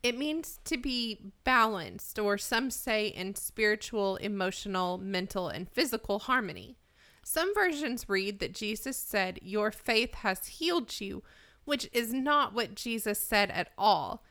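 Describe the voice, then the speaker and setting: A woman co-hosting a Bible discussion, explaining scripture in a measured, explanatory way. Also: medium pitch, animated, fairly bright tone. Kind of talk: conversational Bible teaching.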